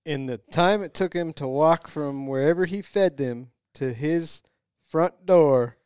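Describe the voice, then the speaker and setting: A man's voice: a little high, measured pace, a little mellow, clean tone, dry recording, clean studio sound. A man co-hosting a casual podcast with his wife, asking questions and making wry jokes. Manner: wry, joking interjections. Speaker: podcast co-host, husband. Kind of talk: casual chat.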